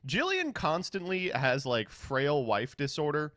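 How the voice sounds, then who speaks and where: Sardonic, animated male streamer. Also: on the high side, unhurried, no room sound, clean studio sound. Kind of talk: casual chat reading viewer questions.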